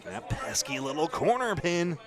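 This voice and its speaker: A man with a New England accent giving chatty, animated live play-by-play of a bowling match in a bowling alley. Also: on the high side, normal speed. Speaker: bowling commentator. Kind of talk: live sports commentary. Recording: crowd noise behind.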